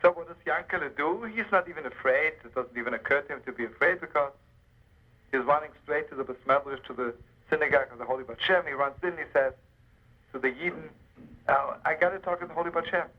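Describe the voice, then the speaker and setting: A man's voice: a little high, fast, lo-fi sound. A man telling a Hasidic tale on the radio, addressing listeners as friends with chuckles and emphasis. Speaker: storyteller. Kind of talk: spoken storytelling on radio.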